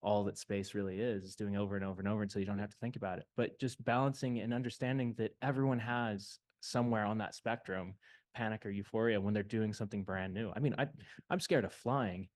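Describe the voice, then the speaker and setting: Low-voiced casual American man. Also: fairly even intonation, fast, a little mellow. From United States. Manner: casual, uses "like" a lot. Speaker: panelist. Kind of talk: casual panel talk.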